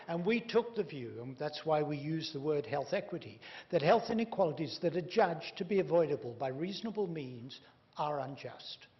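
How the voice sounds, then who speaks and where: A man giving a public lecture, emphatic and wry, leaning hard on key words. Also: a little high. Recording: dull reverberant hall recording with faint hum.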